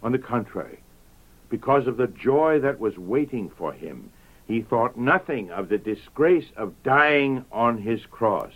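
A man preaching a sermon in a solemn, measured way that rises to ringing emphasis. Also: medium pitch, sing-song, phone-quality sound. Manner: slow, solemn, rising to declamatory emphasis.

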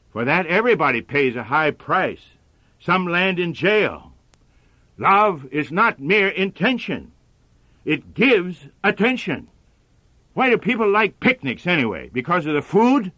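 Earnest male preacher, bright dry voice. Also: high voice, no room sound. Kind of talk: sermon.

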